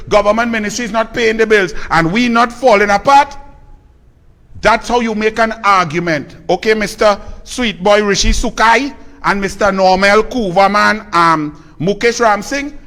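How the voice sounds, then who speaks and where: A man's voice: high-pitched, fairly bright tone. A man with a Trinidadian accent delivering a scornful, combative political commentary rant.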